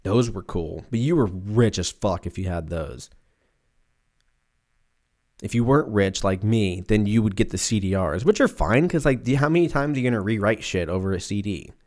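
A man in his twenties rambles solo on his podcast from a room at home with the windows open, cursing freely and dropping into goofy, exaggerated voices. His voice sits on the low side with a darkish tone, and he speaks expressively at a normal pace.

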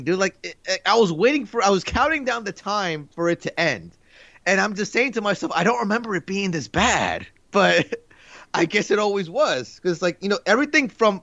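A man's voice: high-pitched, a bit bright, no echo, dull audio. A man in his thirties co-hosting a podcast, chatting casually in a rambling, laid-back way full of fillers. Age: 30s. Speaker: podcast co-host. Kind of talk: casual chat.

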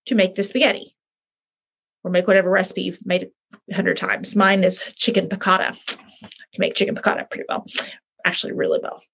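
A woman's voice: mid-range voice, creaky, fairly bright tone, husky, dull audio. A woman author and coach explaining her problem-solving method in a chatty, emphatic way, acting out little scenes as she goes. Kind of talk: animated talk explaining a method.

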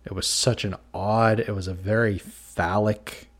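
A man hosting a casual film-review podcast, relaxed and laughing often as he retells scenes. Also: on the low side, unhurried. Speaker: podcast host. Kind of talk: casual chat.

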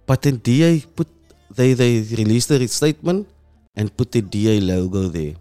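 South African male host, mid pitch, earnest monologue that sinks quiet and heavy at times, faint music bed. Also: lively intonation, normal speed, clear, resonant tone. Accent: South African English. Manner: impassioned, voice drops low and soft when moved. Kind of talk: emotional commentary monologue.

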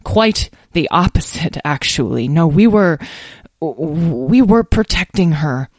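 A courteous old male guild elder, lowered and dry, picking his words with polite stammers, as a woman reads him in a storybook. He sounds formal and apologetic, steady rather than showy. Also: slow pace, dry recording, exaggerated voice.

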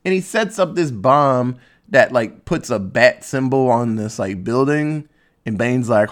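A man's voice: medium pitch, animated, measured pace. A man casually recapping a movie plot in a rambling, sarcastic way, swearing freely.

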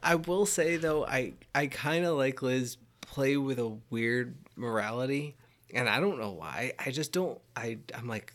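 A man's voice: medium pitch, measured pace, fairly bright tone. A young man co-hosting a casual gaming chat, joking and rambling, often restarting his sentences. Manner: joking, rambling, self-interrupting. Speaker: podcast co-host.

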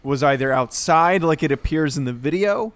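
A man's voice: a little high, animated, normal speed. A man co-hosting a casual chat, skeptical and firing off questions.

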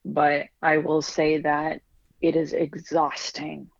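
A man speaks as a podcast guest, reflective and blunt, with an occasional curse. His voice is gravelly and slightly muffled, as if from a duller mic. It sounds dry and close, with no room echo. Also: on the high side, completely flat delivery, slow. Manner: reflective, speaks frankly with some swearing. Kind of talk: casual podcast conversation.

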